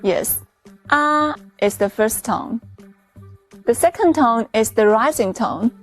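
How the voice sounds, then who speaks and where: A woman teacher in a scripted lesson, explaining clearly and patiently, step by step. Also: fairly high pitch, animated, slow, faint music behind. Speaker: Chinese teacher.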